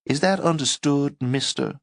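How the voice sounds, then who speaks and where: A man voicing a stern, pompous male chief resident doctor with a soft Southern accent, speaking in a slow, clipped, condescending way. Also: fairly high pitch, no echo, studio quality, voice pushed up. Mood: stern scolding.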